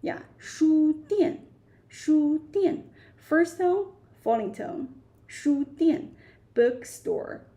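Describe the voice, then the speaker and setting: A Chinese teacher whose first language is Chinese leads a live online beginner class, patiently repeating each word. Her slightly high voice carries a gravelly fry, sounding expressive and mellow at a slow, deliberate pace.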